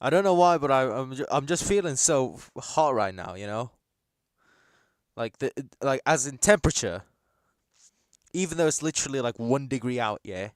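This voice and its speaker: A man's voice: mid-range voice, moderate pace, clear, resonant tone, no room sound, studio quality. A young man chatting casually while hosting a live football watchalong, rambling and reacting to the match. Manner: casual, rambling, bursts into excited shouts at chances. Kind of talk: live match commentary chat.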